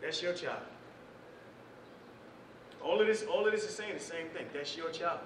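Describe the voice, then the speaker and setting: Guy giving a loose slangy talk to a class, kinda high voice, noisy far-off recording. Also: normal speed, a bit bright. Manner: loose conversational talk with street slang and scripture quotes. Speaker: civic class speaker. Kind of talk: informal lecture to a small class. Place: indoor meeting room. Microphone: distant camera mic. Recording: echoey room, far from the mic, noisy.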